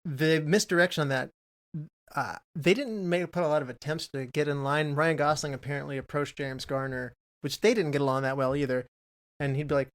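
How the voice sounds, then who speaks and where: A man's voice: on the high side, fairly even intonation, a little fast, clean tone. A man co-hosting a film podcast, chatting casually and reading out trivia in a rambling way. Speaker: podcast co-host.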